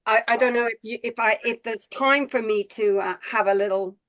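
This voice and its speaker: A woman's voice: fairly high pitch, steady tone, fairly quick, fairly bright tone. A woman on a group video call, gushing with praise, rambling with many fillers. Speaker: call participant.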